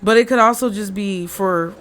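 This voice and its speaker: A woman's voice: mid-range voice, normal speed. A woman giving a casual tarot reading at home, chatting, swearing freely and thinking aloud as she turns the cards. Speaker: tarot reader. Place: room at home with a window open. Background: faint street and traffic noise.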